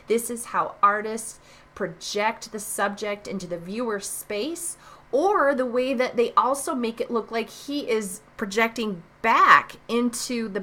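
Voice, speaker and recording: A woman teacher walks through a test review at an unhurried pace, her voice sitting in a middle register. She explains patiently and stresses key ideas with short, punchy repeated lines. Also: medium pitch, bright, forceful tone. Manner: explanatory, leans on emphatic repeated phrases. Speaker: art teacher. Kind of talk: recorded test review lesson.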